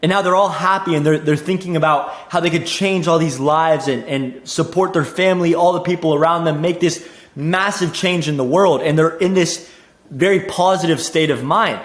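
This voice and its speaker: A young man coaching on sales in a casual teaching monologue, energetic, repeating himself and saying "like" and "dude" a lot. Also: on the high side, normal speed, echoey room. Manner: energetic, repeats words, says "dude" and "like" often.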